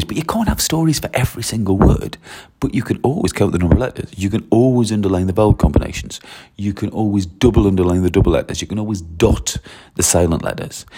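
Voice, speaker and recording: A man's voice: low-pitched, dark tone, breathy edge. A man teaching French, talking through classroom steps with frequent direct requests and tag questions. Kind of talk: classroom-style teaching walkthrough.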